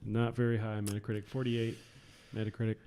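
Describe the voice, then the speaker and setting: Low-voiced young man, hesitant chat. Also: flat delivery, a little fast, warm tone, slight background noise. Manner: hesitant, many ums and restarts. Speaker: podcast co-host. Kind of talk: casual chat about video games.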